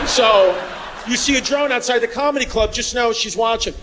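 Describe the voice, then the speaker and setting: A man from New York doing live stand-up comedy on a club stage, loud and rowdy, shouting his punchlines. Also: very high-pitched, normal speed. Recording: live club recording with crowd noise. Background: laughing crowd.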